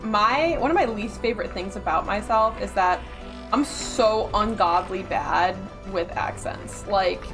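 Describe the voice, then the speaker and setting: A woman from Upper Michigan with a Yooper accent, chatting casually as a streamer while gaming. Her words sound round, her consonants are soft, and she rambles and laughs often. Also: mid-range voice, measured pace, over music. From Upper Michigan, USA. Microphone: close desk mic.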